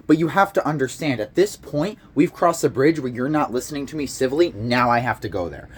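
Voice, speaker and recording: A man's voice: mid-range voice, slightly rough. A young man from the United States giving a heated, profane, rambling political rant with frequent restarts. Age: young adult. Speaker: political commentator. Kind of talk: casual rant to camera.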